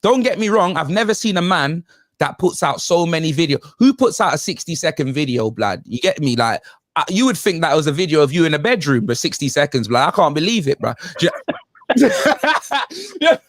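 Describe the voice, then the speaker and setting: A man, a guest on a fan podcast stream, chatting in an animated, joking, slang-heavy way over a video call. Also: fairly high pitch, brisk, no room sound, clean studio sound. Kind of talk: casual chat.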